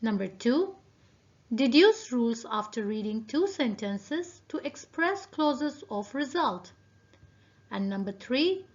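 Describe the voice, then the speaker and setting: A woman teacher giving a recorded video lesson, speaking deliberately and addressing her students directly. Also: high voice. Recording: dull lo-fi video audio.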